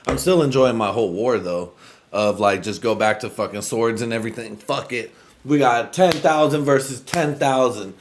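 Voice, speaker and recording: A man's voice: medium pitch, moderate pace, slight background noise. A man from the United States hosting a podcast, talking in a loose, rambling monologue full of profanity. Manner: profane, rambling, laid-back. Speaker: podcast host.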